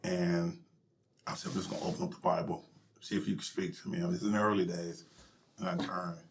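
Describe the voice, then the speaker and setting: A middle-aged male pastor telling his personal story in an interview, emotional and halting, sometimes dropping to a near whisper. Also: low voice, level tone, slight background noise. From United States.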